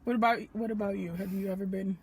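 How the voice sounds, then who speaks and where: A woman of about thirty from Nigeria, speaking with an American accent, co-hosting a comedy podcast and telling a story with animated, self-mocking energy. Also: medium pitch, quick pace, a crowd in the background. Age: around 30. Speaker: podcast co-host. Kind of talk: comedic casual chat.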